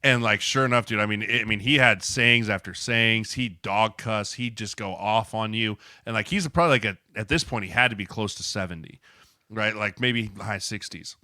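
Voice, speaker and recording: A former football lineman co-hosting a podcast, telling animated stories in casual chat and acting out the quotes. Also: on the low side, moderate pace, no room sound, studio quality. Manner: animated storyteller, acts out quotes.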